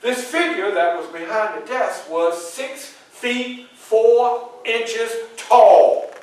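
A man's voice: sits high, takes it slowly. An actor playing a dignified 19th-century abolitionist, telling his story straight to a live audience. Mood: earnest. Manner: addresses the audience directly, animated storytelling. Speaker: historical reenactor. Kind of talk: first-person historical portrayal for a live audience. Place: library event room. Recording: echoey room from far off.

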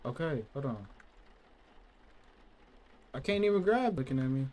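A man doing casual gaming commentary, reacting loudly and swearing, with sudden outbursts between quieter remarks. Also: medium pitch, sing-song, unhurried. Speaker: gaming channel host. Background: loud game music.

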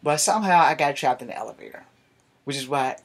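Husky man telling a profane story. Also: fairly high pitch, fast. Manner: animated, profane, conversational. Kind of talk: casual live-streamed storytelling.

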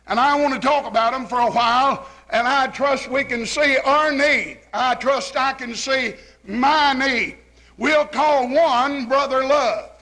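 A man's voice: extremely high pitch, sharp tone, poor audio. A man preaching a revival sermon in church, telling a folksy story and acting out its characters. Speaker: evangelist. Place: church sanctuary, evening service.

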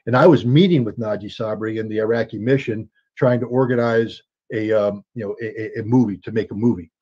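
Rambling man with a dark, husky voice. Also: on the low side, fairly quick. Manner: rambling, many fillers and restarts, acts out quoted voices. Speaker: interview guest, former weapons inspector. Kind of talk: casual storytelling in an interview. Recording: dull lo-fi sound.

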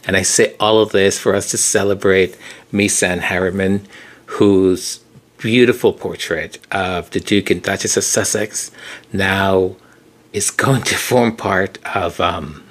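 A man hosting his own channel, speaking reflectively and pausing often, close to tears as he talks. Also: low-pitched, steady tone, fairly bright tone. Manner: slow, reflective, pausing to gather himself. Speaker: channel host. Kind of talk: emotional solo commentary.

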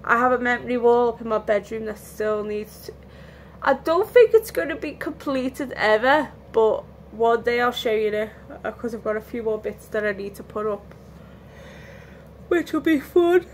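In this relaxed lockdown vlog, a worn-out woman talks openly from home, wandering off topic, starting sentences over and yawning occasionally. She sounds animated, fairly high-pitched and moves at a normal speed, over slight background noise.

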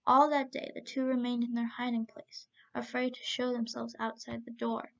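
A woman narrating a storybook tale at a steady pace, with occasional slips. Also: a little high, normal speed, gravelly. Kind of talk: storybook reading. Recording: dull lo-fi recording.

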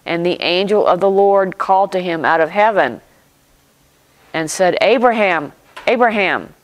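A pastor with a mid-range voice preaches a sermon, retelling a scripture story in slow, deliberate short phrases, pausing and reflecting aloud. There's no room sound, and the audio quality is poor.

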